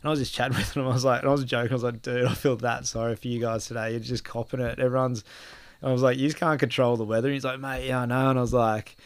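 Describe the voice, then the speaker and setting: A man in casual chat, telling lively stories and acting out what people said, with the odd swear word. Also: medium pitch, rapid-fire, clean tone, dry recording. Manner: animated storyteller, acts out quotes, swears casually.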